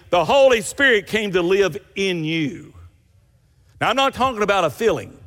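High-voiced preacher in an echoing hall. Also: male voice, lively intonation, moderate pace, a bit bright. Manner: folksy storytelling with rising emphatic bursts. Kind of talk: sermon.

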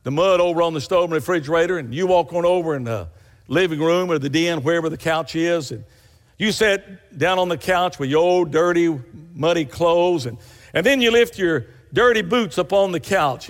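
A man's voice: fairly high pitch, in a large hall. A man preaching a sermon, telling folksy stories with rising emphatic bursts.

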